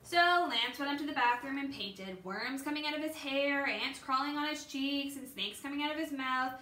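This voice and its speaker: Teacher reading aloud to kids, woman, bright voice, echoey room. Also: sits high, moderate pace. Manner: storytelling, with small slips and ums. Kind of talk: reading a picture book aloud.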